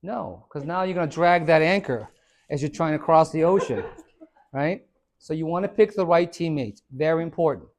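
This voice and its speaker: A man's voice: a little high, normal speed. A man, a fitness trainer, gives a casual motivational talk to a small group and acts out the voices of the people in his stories. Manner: animated storyteller who acts out quoted voices.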